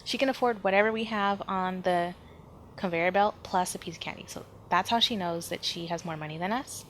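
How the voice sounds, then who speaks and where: A woman hosting a podcast, telling a personal story in an animated, emphatic way, with frequent sighs and fillers. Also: on the low side, a little fast, slight background noise. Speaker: podcast host.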